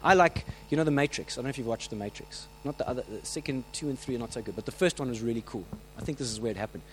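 Fast-talking, animated male preacher. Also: mid-range voice, slight background noise, low-quality recording. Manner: animated storytelling, acts out quoted voices; many restarts and filler words. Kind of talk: sermon.

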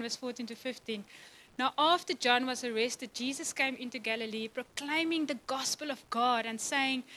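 A woman's voice: high-pitched, fairly bright tone, poor audio. A woman preaching a passionate, emotional sermon to a church, often laughing and voicing God's words.

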